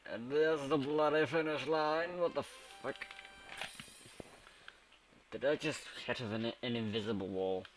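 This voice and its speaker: A man giving crude, sarcastic let's play commentary, swinging between whispered asides and sudden yells. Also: mid-range voice, unhurried, long pauses, soft background music. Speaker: game commentator.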